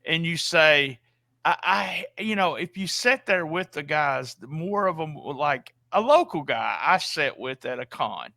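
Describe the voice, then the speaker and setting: A man with a Southern US drawl and a gravelly, bright edge to his voice tells rambling, folksy stories. His voice is close and dry, with no room sound. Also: on the high side, lively intonation, unhurried, no echo. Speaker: guest. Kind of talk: casual chat.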